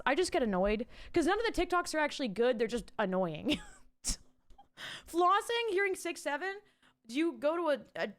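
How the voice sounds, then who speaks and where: A young woman with a high voice streams from home, chatting casually with viewers. She reads the chat aloud and swears freely into a desk mic that has a pop filter.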